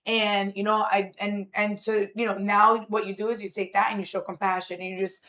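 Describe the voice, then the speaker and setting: A woman in her forties chatting casually as a podcast guest. She tells her story at an even middle pitch, with plenty of fillers, restarts and asides. It is relaxed, unhurried talk among friends.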